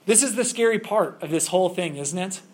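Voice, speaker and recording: Guy preaching, fairly high voice, chatty and full of questions. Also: animated, fairly quick. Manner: conversational, with frequent fillers and rhetorical questions. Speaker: pastor. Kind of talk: sermon.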